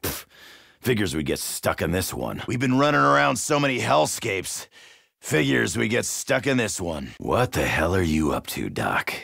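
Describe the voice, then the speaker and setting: An actor playing a cocky, crude middle-aged American marine in a video game, with a gravelly voice and a brash, shouty, wisecracking manner. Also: male voice, very deep voice, big pitch swings, moderate pace, dry recording, clean studio sound, exaggerated voice. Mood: gruff.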